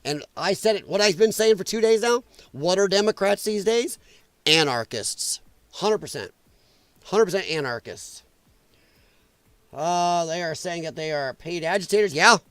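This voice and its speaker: A middle-aged man hosts a political livestream from home, his voice sitting high for a man. He rants angrily and emphatically, peppering every point with profanity. The sound is dry and close, with no room around it. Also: lively intonation, moderate pace, fairly bright tone, clean tone, no room sound. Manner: angry, profane, emphatic ranting. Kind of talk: casual ranting livestream commentary.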